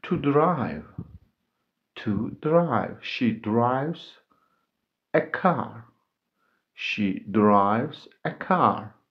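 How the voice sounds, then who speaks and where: Slow man drilling vocabulary. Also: medium pitch, expressive, highs cut off. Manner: repeats each word and example sentence. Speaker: English teacher.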